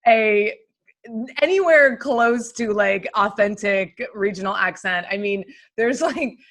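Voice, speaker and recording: A woman co-hosting a film podcast, chatting casually in a bubbly way and laughing often. Her voice is bright and forceful and sits at a middle pitch. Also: takes it slowly. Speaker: podcast co-host.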